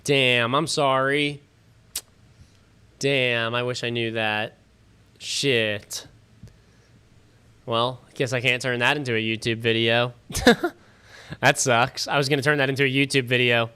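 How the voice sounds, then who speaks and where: A man's voice: medium pitch, fairly even intonation, a little slow, long pauses, sharp tone, clear, resonant tone. A man hosting a fantasy football livestream from his home studio, chatting loosely with viewers, swearing casually and sounding tired and yawning.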